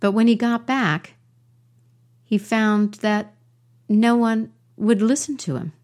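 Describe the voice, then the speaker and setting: A woman storyteller telling a folk tale in an unhurried, warm way. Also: a little high.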